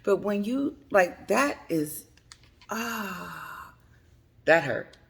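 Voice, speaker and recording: A woman's voice: mid-range voice, lively intonation, drawn-out words, vocal fry, a bit bright. A woman giving chatty, dramatic celebrity gossip commentary on her vlog. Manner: chatty, dramatic, laughs between remarks.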